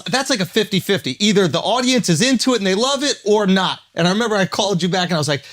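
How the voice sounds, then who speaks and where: A man hosting a casual chat, chiming in with constant quick affirmations as he tells his side. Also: high-pitched, lively intonation, a bit bright. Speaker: podcast host.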